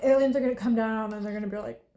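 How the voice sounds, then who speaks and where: Young woman rambling, mellow voice. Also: on the high side, fairly even intonation, racing. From Southern United States. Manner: rambling, blunt and profane, with laughs and sighs. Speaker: vlogger. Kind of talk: casual chat while eating.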